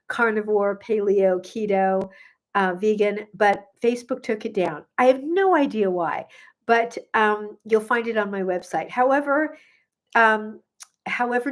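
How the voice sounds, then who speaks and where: A middle-aged woman, a gut health coach, chatting casually on a live stream, bubbly and effusive with many ums, a little sniffly. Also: medium pitch. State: sniffly from pollen.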